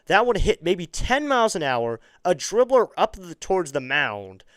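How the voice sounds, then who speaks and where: Man, fan baseball play-by-play, smooth clear voice, dry close sound, jumps up in pitch on big plays, chatty asides. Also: normal speed, no room sound. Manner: rises sharply in pitch and volume on exciting plays. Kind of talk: amateur play-by-play commentary.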